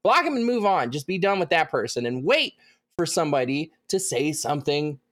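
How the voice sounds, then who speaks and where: A man's voice: on the high side, very animated, a little fast, a bit bright. A man joining a podcast chat, riffing animatedly with the hosts. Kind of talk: casual chat.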